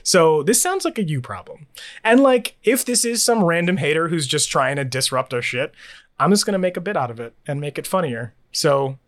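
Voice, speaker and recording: A man's voice: a little high, moderate pace. A man co-hosting a podcast, ranting sarcastically about a bad review in casual chat. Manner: sarcastic, animated ranting with laughs. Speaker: podcast co-host.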